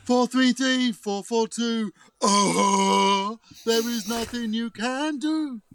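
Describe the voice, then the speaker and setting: A man's voice: on the high side, sing-song, normal speed, slight background noise. A man voicing a taunting male psychic football pundit in a put-on foreign accent with broken grammar. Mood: mocking. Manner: taunting, sing-song chanting, broken grammar.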